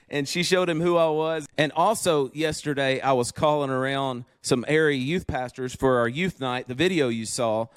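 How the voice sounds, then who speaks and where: A man co-hosting a podcast, telling stories in a lively, casual way from his office. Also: mid-range voice, moderate pace, few pauses, clear, resonant tone, no room sound, clean studio sound. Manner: animated storyteller, acts out quoted voices. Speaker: podcast co-host. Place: home office.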